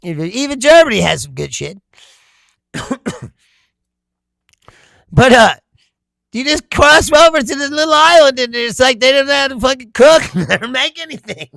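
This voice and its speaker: A livestream host, a man, talks casually with his viewers and reads their comments aloud. He laughs often and swears freely. His voice is high and very gravelly, and it sounds dry and close, with no room around it. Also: sing-song, normal speed, long pauses, pushed and bright, no echo.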